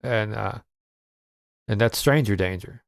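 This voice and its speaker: A man's voice: lowish voice, measured pace, creaky, no echo, studio quality. A man hosting a casual show, reacting to a played clip with sarcastic, joking commentary. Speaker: podcast host.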